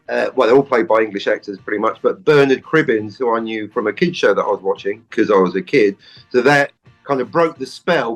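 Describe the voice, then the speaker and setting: A man co-hosting a podcast, talking about an old sitcom in a rambling, jokey way with lively restarts. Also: medium pitch, rough recording. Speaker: podcast co-host. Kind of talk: casual film chat.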